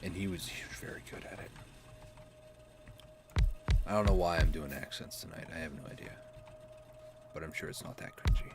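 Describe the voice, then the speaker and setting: A man's voice: very deep voice, normal speed, pauses often, over music. A man giving casual gameplay commentary, rambling and mocking himself, chuckling often. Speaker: gaming YouTuber.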